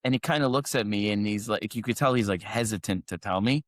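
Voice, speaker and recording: A man with a lowish voice talks fast while co-hosting a podcast, recorded in clean studio sound with no echo. His casual chat wanders through a story full of fillers and restarts.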